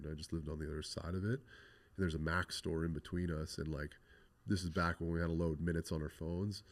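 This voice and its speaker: A man's voice: deep voice, a little mellow. A young adult man from Canada, a podcast guest telling a rambling story full of swearing and "like.". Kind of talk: casual storytelling interview.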